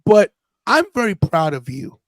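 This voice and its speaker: A man's voice: sits high, very animated, measured pace, a bit bright, dry recording, poor audio. A man in his fifties hosting a podcast, telling a personal story in an earnest, casual way and often restarting his sentences. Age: 50s. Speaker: podcast host.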